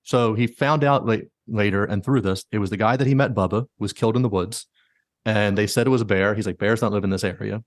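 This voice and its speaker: A man with a lowish voice tells a story at a rapid clip, stuffing it with likes and quick quoted asides. He sounds relaxed and chatty, as a podcast host does. The sound is close and dry, with no room echo. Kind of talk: casual storytelling.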